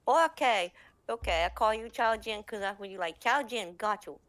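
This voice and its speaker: A woman's voice: medium pitch, lively intonation, normal speed, a bit bright, no echo, close to an everyday voice. A woman voicing a bossy, teasing woman character who speaks in clipped, broken English. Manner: clipped, choppy phrasing.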